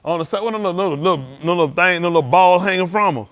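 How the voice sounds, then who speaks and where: A man's voice: sits high, very fast. A man hosting a livestream, talking casually and joking, acting out quoted voices. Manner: animated storytelling, acting out quoted voices, laughing. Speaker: livestream host at a congregation.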